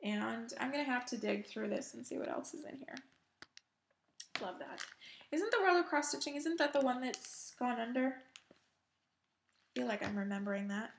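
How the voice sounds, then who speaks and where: A woman hosting a cross-stitch video, chatting casually while she shows off her crafts, chatty and self-deprecating, with soft laughs. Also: a little high, lively intonation, moderate pace, creaky, long pauses, a little hiss or hum. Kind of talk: casual show-and-tell chat.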